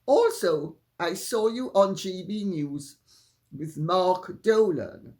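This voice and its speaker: Slow, measured Jamaican-accented woman. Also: fairly low pitch, lively intonation, dark tone. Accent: Jamaican, Upper Saint Andrew. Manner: deliberate, measured, drawn-out phrasing with frequent laughs. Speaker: channel host answering viewer questions. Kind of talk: casual solo talk to camera.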